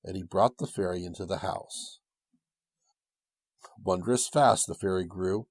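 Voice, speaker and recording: Husky male storyteller, low and dry. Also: unhurried, no room sound. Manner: gentle, old-fashioned storytelling cadence. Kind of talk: storybook narration.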